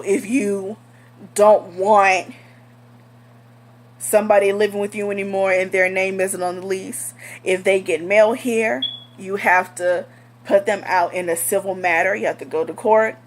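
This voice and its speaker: A young woman telling a storytime vlog in a blunt, heated, profane way. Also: medium pitch. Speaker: vlogger.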